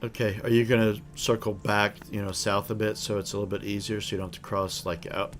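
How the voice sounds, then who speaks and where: A man narrating as game master of a tabletop role-playing game, relaxed and with frequent fillers. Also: on the low side, quick pace.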